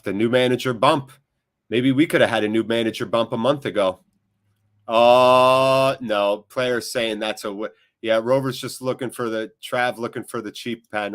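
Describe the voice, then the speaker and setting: A man's voice: on the low side, normal speed, a bit bright. An American man hosting a live football watchalong, chatting in a rambling, casual way straight to his viewers, sounding emotionally drained. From United States. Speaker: watchalong host.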